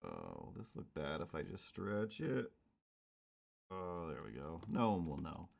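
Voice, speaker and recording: A man's voice: sits low, lively intonation, creaky. Rambling joking man drawing on stream. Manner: rambling, jokey mock outrage, slips into quick silly voices. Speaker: comic artist streaming while drawing. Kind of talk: casual chat while drawing.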